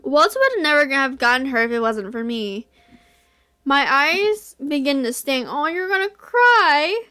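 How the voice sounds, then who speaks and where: Young woman reading a story game out loud, high clear voice, faint music behind. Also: very animated, unhurried. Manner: squeals and gushes when reacting. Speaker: visual novel reader. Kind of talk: reading a visual novel aloud with reactions.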